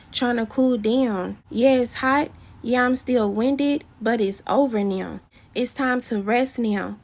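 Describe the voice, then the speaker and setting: A woman preaching a prophetic word with fervent, repeated declarations. Her voice sits a little high, and she reads scripture and drops casual slang in the same flow. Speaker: prophetic minister.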